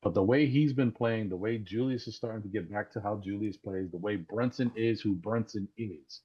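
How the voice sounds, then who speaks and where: A man calling in to a live sports talk show over a voice chat, talking excitedly and rambling, often repeating words as he restarts. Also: lowish voice, normal speed, husky. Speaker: caller. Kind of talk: casual call-in sports talk. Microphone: Discord voice call. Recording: dull lo-fi call audio.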